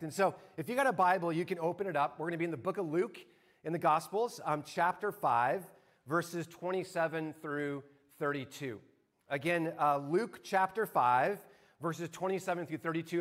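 Pastor guy with a high voice, chatty sermon, keeps asking the crowd stuff. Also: fairly bright tone. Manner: conversational, asks the congregation questions. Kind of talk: sermon with personal story. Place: church sanctuary.

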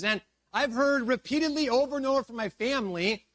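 A man in his forties with a notably high voice delivers a sermon from a church stage. He reads a scripture passage, then retells it in a relaxed, conversational way, tossing asides to the congregation. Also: brisk, dry recording. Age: 40s. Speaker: pastor.

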